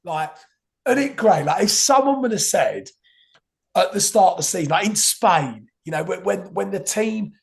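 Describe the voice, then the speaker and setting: Hoarse, excitable young man. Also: high voice, moderate pace. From England. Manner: excitable, chanting and rambling. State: hoarse, losing his voice. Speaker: podcast host. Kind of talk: casual football podcast chat.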